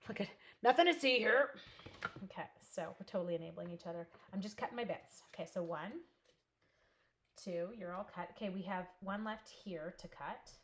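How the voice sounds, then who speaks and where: A woman's voice: fairly low pitch, moderate pace. A middle-aged woman from Canada hosting a live crafting class, chatting with viewers and talking herself through each step with a giggle. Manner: chatty, talks to herself while working, giggly.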